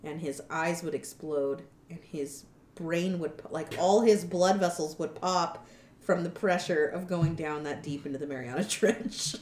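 Low-voiced woman explaining casually. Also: a little slow, darkish tone. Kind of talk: casual chat. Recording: roomy echo.

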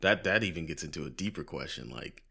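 Very deep-voiced man musing aloud. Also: expressive, fast talker, vocal fry, bright, forceful tone, breathy edge. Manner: musing, asks open questions. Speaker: podcast co-host. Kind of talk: casual chat.

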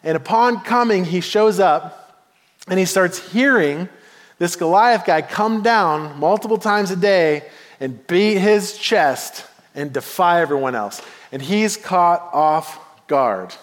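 A man's voice: high voice, slow pace, long reverb tail. A man preaching a sermon, telling a story playfully and acting out the voices of its figures. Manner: animated, playful storytelling with acted quotes. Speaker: pastor.

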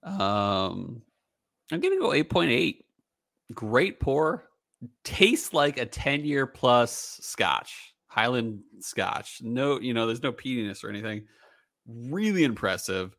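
A man's voice: medium pitch, sing-song, takes it slowly, vocal fry, fairly bright tone. A man hosting a casual whiskey tasting podcast, thinking aloud as he settles on his ratings. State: has the hiccups. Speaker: podcast host.

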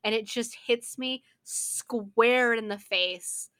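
A young woman co-hosting a podcast, telling stories in animated casual chat with frequent laughter and swearing. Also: fairly high pitch, slow, smooth. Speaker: podcast co-host. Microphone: podcast microphone.

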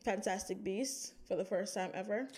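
A woman co-hosting a podcast in casual chat, animated, laughing often and swearing casually. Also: mid-range voice, moderate pace. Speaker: podcast co-host.

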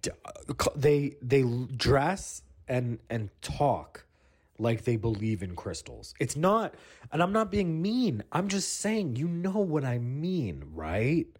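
Brief: young male comic host, husky, swearing, chatty rambler, lively pitch. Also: takes it slowly. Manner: profane, chatty, many restarts and "you know what I mean". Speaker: comedy podcast host.

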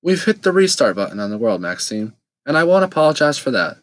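A man's voice: medium pitch, big pitch swings, quick pace, fairly bright tone. A man doing an icy, haughty queen. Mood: icy, dismissive. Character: cold, imperious middle-aged woman ruler. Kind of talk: audiobook character voice.

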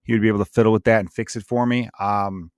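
A man's voice: on the low side, fairly even intonation, quick pace, a little mellow, smooth, no room sound, studio quality. A man hosting his podcast solo, ranting crudely and comically, jumping into mocking voices when he quotes people. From Chicago area. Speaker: podcast host. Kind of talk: solo comedic rant. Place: home setup, remote recording.

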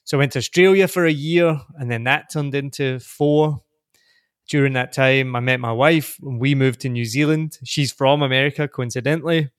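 A man from Glasgow with a soft Scottish accent, talking as a guest on a podcast. He is upbeat and easygoing, laughs easily and stumbles over the starts of his sentences. He sounds dry and close to the mic, with a middle pitch. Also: fairly even intonation, moderate pace, no room sound. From Scotland. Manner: chatty and upbeat, laughs often, repeats words when starting sentences. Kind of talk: casual interview chat.

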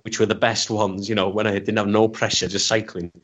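As an interview guest in a laid-back storytelling chat, this man rambles self-deprecatingly, stumbling and restarting often. His voice is on the low side, fairly bright and a bit flat in pitch, delivered a little fast on a dull lo-fi recording.

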